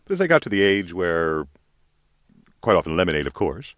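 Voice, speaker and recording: A man's voice: deep voice, very animated, a little fast, a bit bright, no room sound, clean studio sound. An Australian man, a comedian guest, telling wry rambling stories in casual podcast chat. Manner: rambling, wry storytelling with restarts.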